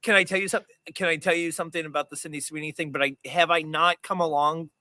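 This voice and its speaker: A man's voice: a little high, steady tone, fast, bright, forceful tone. A man hosting a podcast in casual sports chat, rambling, cutting himself off, and laughing often. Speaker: podcast host.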